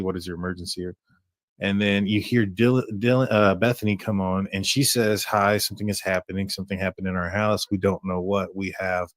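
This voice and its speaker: A man with a fairly low voice hosts a true crime stream, picking his way through the details with plenty of "um"s and restarts. The sound is dry and close to the mic. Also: no echo. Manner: halting, many fillers and restarts. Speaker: true crime livestream host. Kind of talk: casual commentary on a case.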